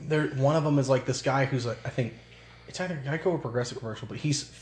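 Here the co-host speaks at a quick clip in a medium-pitched, darkish voice, laughing and cursing casually while sharing stories about his family. The suburban basement setting gives the audio a roomy echo with a faint hiss underneath.

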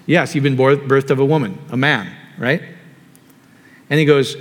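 A man's voice: medium pitch, normal speed. Conversational male preacher in a hall. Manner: conversational, asks the audience questions. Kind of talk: sermon. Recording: long hall reverb.

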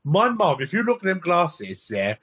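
A man's voice: high-pitched, very animated, normal speed, a bit bright, slightly rough. A man with a Cockney accent from East London, co-hosting a casual podcast chat, bantering and teasing. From East London, England. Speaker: podcast co-host.

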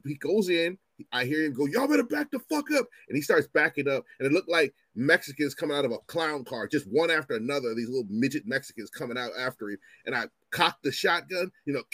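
A man's voice: medium pitch, no echo. A man in his fifties telling profane stories in casual chat, acting out the people in them. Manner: animated, profane, acts out voices in his stories. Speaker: storyteller guest.

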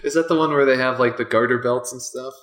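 A man's voice: mid-range voice, fairly even intonation, quick pace, a bit bright. A man co-hosting a podcast in casual chat, with dry, self-deprecating humor and frequent laughs. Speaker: podcast co-host.

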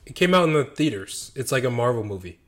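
A man's voice: medium pitch, big pitch swings, fast talker, fairly bright tone. A young man hosting a podcast, chatting casually with a friend and laughing easily. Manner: easygoing, laughs often. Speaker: podcast host. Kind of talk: casual chat.

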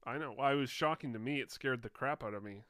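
A man's voice: medium pitch, fast, fairly bright tone, no echo, clean studio sound. A young man co-hosting a podcast, chatting casually with loose swearing and frequent laughter. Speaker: podcast co-host. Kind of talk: casual chat.

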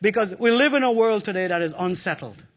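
A middle-aged man preaching a lively sermon in a church, joking and calling out to the congregation. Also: high voice, fast talker. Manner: animated, playful preaching with call-outs to the congregation. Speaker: pastor.

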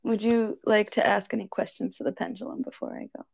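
A woman giving an oracle card reading, speaking in a calm, measured way and chatting easily. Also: medium pitch, gravelly. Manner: calm and measured, with easy laughs. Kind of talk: reading a card aloud, then casual chat. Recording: dull lo-fi sound.

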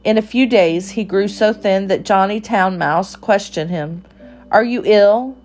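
A woman reading a children's story aloud in a calm, even storytelling manner. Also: medium pitch, a little slow, soft background music.

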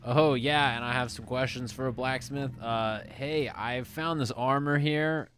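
A relaxed male player at a mid pitch, chatting casually while he describes what his character does. Faint ambience hisses under his voice. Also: a little slow. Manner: easygoing, chatty. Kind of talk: casual tabletop play.

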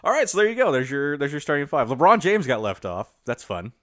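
A man's voice: fairly high pitch, sing-song, fast, no echo, clean studio sound. A man co-hosting a podcast in casual chat, teasing and joking with frequent laughter. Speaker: podcast co-host.

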